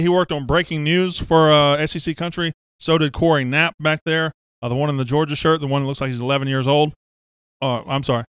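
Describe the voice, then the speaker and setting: A man hosts a loose, joking show, ribbing the crew in a smooth, fairly high voice. The sound is close and dry, with no room echo. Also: a bit bright. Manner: joking, teasing, rambling. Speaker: host. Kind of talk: casual show chat. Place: studio office.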